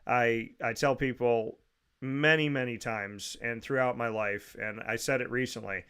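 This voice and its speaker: A man's voice: medium pitch, fairly even intonation, unhurried, a bit bright, clear, resonant tone. A man hosting a casual sports talk show, upbeat, chatty and sincere.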